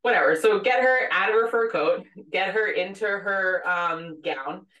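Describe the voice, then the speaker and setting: A woman co-hosting a podcast, a former labor and delivery nurse telling a story in animated, casual chat full of fillers and laughter. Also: medium pitch, a little slow, far from the mic, muffled recording. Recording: echoey room, voice a bit off-mic.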